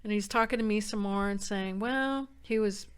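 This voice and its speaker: A woman from San Diego, a podcast guest, telling a personal story and acting out the quoted voices with big jumps in pitch and loudness. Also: moderate pace, clean tone.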